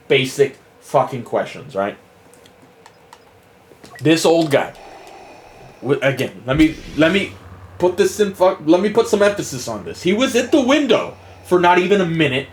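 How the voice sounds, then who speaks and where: A man's voice: fairly high pitch, moderate pace, long pauses, slight background noise. Profane man telling a story. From United States. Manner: profane, animated, chuckling. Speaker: gaming streamer. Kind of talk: casual storytelling.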